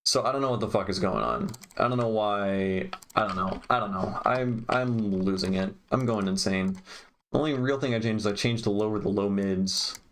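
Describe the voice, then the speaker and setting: A young man with a fairly low voice mutters to himself while working on a mix. He sounds exasperated and swears a lot. There is faint noise behind him, along with clicking and typing on a keyboard. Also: animated, moderate pace, fairly bright tone. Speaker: music producer. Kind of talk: frustrated self-talk while mixing.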